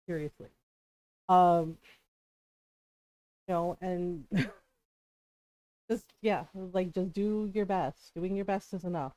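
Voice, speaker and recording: A woman's voice: on the low side, warm tone, dry recording, poor audio. A woman streamer chatting casually with her viewers as she plays, rambling and laughing often. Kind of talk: casual chat while streaming a game.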